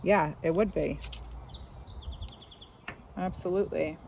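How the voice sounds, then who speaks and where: Low-voiced woman giving an outdoor tarot reading. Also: steady tone, slow pace, gravelly, noisy background. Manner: musing, intuitive, many fillers and asides. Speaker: tarot reader. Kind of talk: casual spoken tarot reading.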